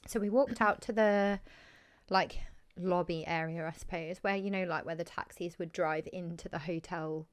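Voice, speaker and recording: A woman's voice: lowish voice, fairly even intonation, moderate pace, clean tone. A young English woman in her twenties telling a long story in a rambling, chatty way, full of "like" and acted-out quotes. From England. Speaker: podcast host. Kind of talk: casual storytelling chat.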